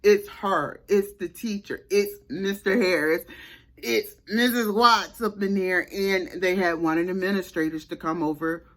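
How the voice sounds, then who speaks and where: A woman's voice: medium pitch, a little slow, a bit bright. A woman vlogger telling a personal story in a casual, chatty way, full of restarts and asides to her viewers.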